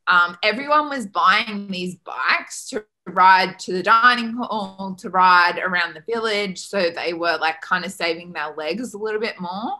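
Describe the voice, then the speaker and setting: An Australian woman in her twenties, a podcast guest telling a story in a casual, animated way, full of "like" and acted-out dialogue. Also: mid-range voice, measured pace. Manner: animated, peppered with "like", acts out quoted dialogue.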